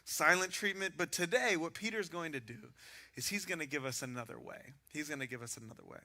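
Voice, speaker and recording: A man preaching a sermon as pastor, telling animated stories with self-mocking humor. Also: on the high side, a little fast.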